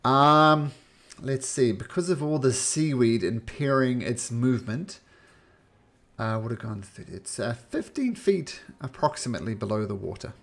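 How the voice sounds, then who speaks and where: A man's voice: mid-range voice, lively intonation, moderate pace, creaky, a bit bright. A man narrating and ruling as game master in a tabletop role-playing game, describing scenes loosely with fillers.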